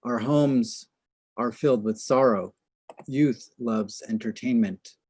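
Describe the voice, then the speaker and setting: A man voicing a tormented young feast-master, defiant and impassioned. He speaks at an unhurried pace in a dry, close sound. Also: medium pitch, a little mellow, dry recording. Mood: weary. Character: anguished young male feast chairman.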